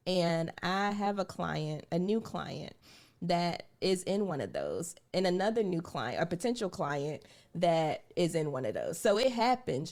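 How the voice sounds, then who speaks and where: A woman's voice: medium pitch, darkish tone. A woman hosting a personal finance live stream, talking casually and earnestly to her viewers and repeating her points for emphasis. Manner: chatty, addresses viewers directly as "y'all". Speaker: personal finance show host.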